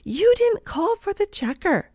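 A woman voicing a rude, hurried woman shopper who snaps accusations. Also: high voice, expressive, darkish tone, no room sound, studio quality, voice pushed up. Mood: indignant. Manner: indignant, accusing.

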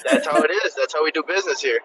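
A man's voice: a little high, rapid-fire, pushed and bright, slight background noise, low-quality recording. A man calling in to a podcast from his car, joking around and stumbling when put on the spot. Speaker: caller joining while driving. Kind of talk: casual podcast banter.

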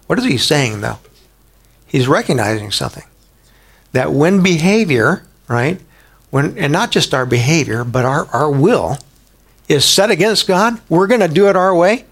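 A man preaching a sermon in a conversational way, asking the listeners rhetorical questions and rising sharply in pitch for emphasis. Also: expressive, normal speed. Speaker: pastor.

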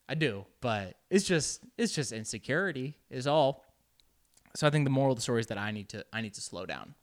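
Man, casual vlog monologue, rambling, self-deprecating, mid-pitched. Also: expressive, quick pace, clear, resonant tone. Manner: rambling, self-mocking, repeats himself. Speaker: vlogger. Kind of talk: casual monologue mixing English and Spanish.

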